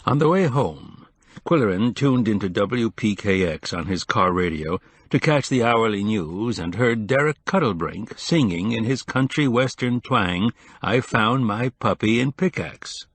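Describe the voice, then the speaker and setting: A man reading an audiobook in a measured, even scripted narration. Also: on the low side, husky, no echo.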